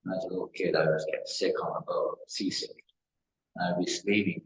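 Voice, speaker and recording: A very deep male voice from England delivers a devotional talk in a loose, storytelling way, circling back on his phrases. The recording is roomy, with the echo of a large temple hall. Faint background noise sits under the voice. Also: flat delivery, fairly quick. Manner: rambling storytelling with repeated phrases. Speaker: spiritual teacher. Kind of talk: devotional discourse.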